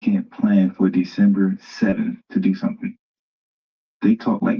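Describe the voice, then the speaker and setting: Deep husky man hosting a livestream. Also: little pitch movement, slow, pauses often, lo-fi sound. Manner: mocking, talks straight to viewers as "family". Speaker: livestream host reacting to a debate clip. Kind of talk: casual live commentary.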